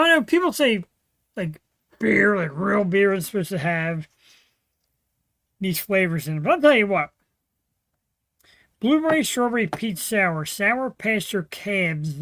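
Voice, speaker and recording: A male host talks through his own livestream in a loose, rambling way, stacking fillers and restarts as he goes. His voice sits close and dry on a desk mic with no room sound. He sounds relaxed and unscripted. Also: high voice, no room sound, rough recording. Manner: rambling, chatty, full of fillers. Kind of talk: casual solo livestream chat.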